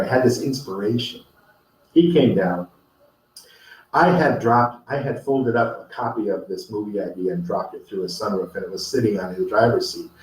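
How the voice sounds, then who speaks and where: A man's voice: lowish voice, darkish tone. A man telling a personal story and giving a motivational talk, earnest and rambling, with many fillers and restarts. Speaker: host. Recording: echoey room, distant from the mic.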